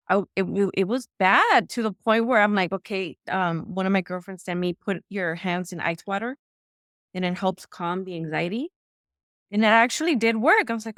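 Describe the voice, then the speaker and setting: A chatty middle-aged woman tells a personal story in an easy, casual way, acting out the lines of other people as she goes. Her voice sits at an ordinary middle pitch. The recording is dry and close-miked. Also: no room sound. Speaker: podcast co-host. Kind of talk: casual conversation.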